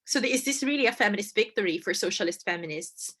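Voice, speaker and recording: A woman's voice: mid-range voice, lively intonation, fast, fairly bright tone, breathy edge. A woman giving a casual debate lecture, conversational and emphatic, often tagging points with "right?" and repeating phrases for stress. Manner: conversational, frequent "right?" and "you know" asides.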